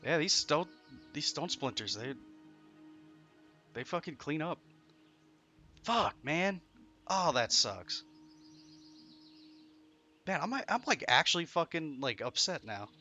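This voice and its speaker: Young male streamer, bright voice, swears a lot while ranting to chat. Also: fairly high pitch, big pitch swings, slow pace, pauses often, soft background music. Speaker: game streamer. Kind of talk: frustrated live-stream commentary. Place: home room while streaming.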